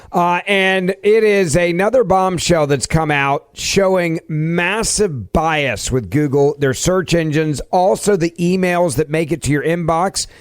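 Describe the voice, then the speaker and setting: A man co-hosting a political talk show, asking his guest pointed questions in an animated way. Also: fairly high pitch, clear, resonant tone, no room sound, clean studio sound. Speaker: podcast co-host, interviewer.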